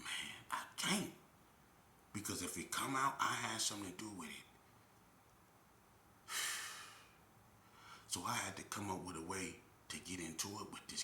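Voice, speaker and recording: A man's voice: lowish voice, echoey room. A man telling a story in casual chat and acting out the people he quotes. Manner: animated, acts out quotes loudly. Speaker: storyteller guest.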